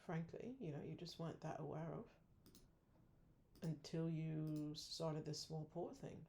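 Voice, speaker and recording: A woman talks through her week of options trades and berates herself for poor execution in a blunt, frustrated way. Her voice is gravelly with a dark, mellow tone. The talk is casual, with occasional swearing. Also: sits low, unhurried. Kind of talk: casual weekly trade review.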